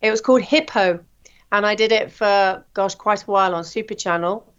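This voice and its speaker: A woman, a TV presenter, telling her career story in a chatty, animated way with plenty of ums. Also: mid-range voice, normal speed, clean tone, lo-fi sound. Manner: chatty, animated anecdotes with frequent fillers. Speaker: guest, TV presenter. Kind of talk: interview storytelling.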